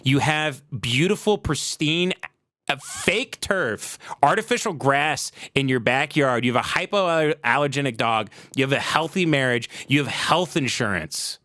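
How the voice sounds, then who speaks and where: Bright-voiced man on a sarcastic rant. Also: mid-range voice, lively intonation, a little slow, no echo. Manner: sarcastic, profane, worked-up. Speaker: comedy podcast host. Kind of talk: comedic rant.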